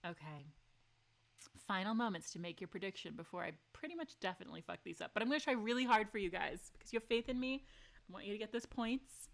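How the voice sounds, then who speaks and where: A woman streaming a story game, reading its lines aloud and chatting with her viewers, excitable and quick to gasp and swear. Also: mid-range voice, gravelly. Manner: excitable, gasping, laughing and swearing between read lines.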